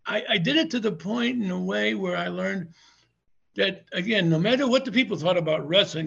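A man's voice: high-pitched, vocal fry, fairly bright tone, breathy edge, dull audio. An older man, a former wrestler, telling rambling anecdotes in an interview, chuckling often and restarting his sentences. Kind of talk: casual anecdotal storytelling.

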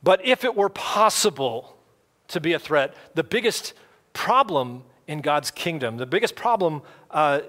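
Male pastor, sermon delivery, slightly high and bright, relaxed conversational preaching. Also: a little slow. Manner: casual, conversational preaching with playful quoted voices. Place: church.

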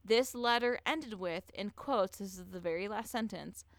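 A woman hosting a podcast, telling a true-crime story in casual chat, animated and swearing freely as she acts out what people said. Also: mid-range voice, moderate pace, dry recording. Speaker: podcast host.

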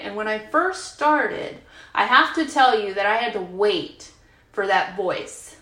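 Here a fifties-aged woman shares openly with her recovery group on retreat, speaking unhurriedly in a bright, forceful voice that sits on the high side. Her casual, filler-heavy talk was captured in a meeting room on a roomy, imperfect recording.

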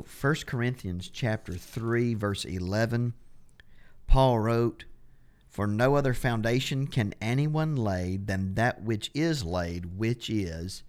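A man teaching a Bible study on a podcast, who stresses and repeats key words as he explains them. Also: fairly low pitch. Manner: steady explaining, restarts phrases.

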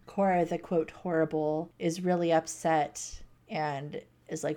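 A woman in casual chat, recapping a book plot in a lively way and quoting characters as she goes. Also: low voice, a little slow, hardly any pauses. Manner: animated retelling with acted quotes and laughs. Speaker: podcast co-host recapping a book.

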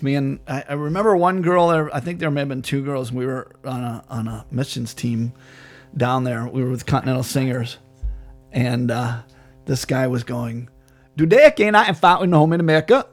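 A middle-aged man co-hosting a podcast, telling animated stories and acting out other people's voices. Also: mid-range voice, normal speed, faint music behind. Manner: animated anecdotes with acted-out voices. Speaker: podcast co-host. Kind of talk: casual podcast storytelling.

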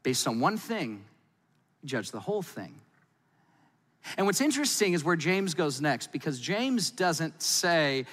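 A man preaching a sermon in a lively, playful, conversational way. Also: a little high, measured pace, in a large hall. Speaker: pastor.

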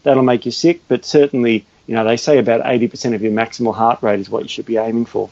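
A man's voice: medium pitch, steady tone, fast, a little mellow, dry recording, muffled recording. An Australian man talking as a health and fitness guest, chatty and earnest, often restarting his sentences. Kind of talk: casual explanatory chat.

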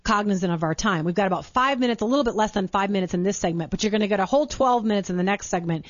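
A woman from Minnesota hosts a talk show, talking very fast in a mid-range voice while gushing, enthusing, and laughing often during a casual interview. The recording is dry, with dull, muffled broadcast audio.

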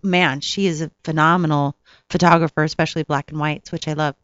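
A woman, an actress, telling stories from set in a casual interview, animated and laughing often. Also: sits low, fairly quick, no echo, highs cut off. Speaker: actress, guest. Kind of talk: casual storytelling.

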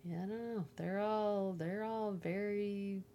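A woman's voice: medium pitch, takes it slowly, slight background noise. A woman in her thirties co-hosting a podcast, chatting casually and acting out people's voices when she tells a story. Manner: animated storyteller, acts out voices in quotes. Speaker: podcast co-host. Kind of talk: casual chat.

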